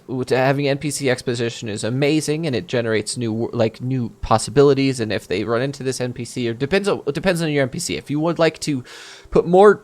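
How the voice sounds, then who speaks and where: A man answering viewer questions as a game master in casual chat. He thinks aloud, restarts his sentences, and explains with examples from his own campaign. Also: medium pitch.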